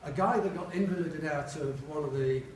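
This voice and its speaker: Recorded from a distance in an echoing dining hall with a faint hum, this seventy-something man from Sheffield, England, entertains a reunion lunch with comic after-dinner anecdotes. His voice is a little high and darkish in tone at a normal speed, and he imitates the people in his stories.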